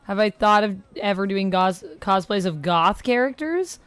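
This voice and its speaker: A woman's voice: mid-range voice, lively intonation, normal speed, few pauses, a bit bright, clear, resonant tone, no room sound, soft background music. A woman streamer chatting casually with her viewers and answering their comments. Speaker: streamer, tarot reader. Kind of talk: casual livestream chat.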